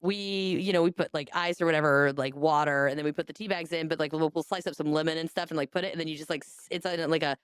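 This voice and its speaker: A woman, hosting a casual podcast chat, animated, laughing often and swearing casually. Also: deep voice, quick pace, hardly any pauses, smooth, no echo, studio quality. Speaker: podcast host.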